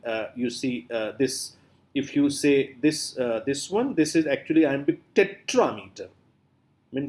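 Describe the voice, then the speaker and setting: A middle-aged man with an Indian English accent gives a recorded lecture. His pitch moves up and down freely as he explains patiently. He stops often on "uh" and starts his phrases over. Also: darkish tone. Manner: explains patiently with many fillers and restarts. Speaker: literature lecturer.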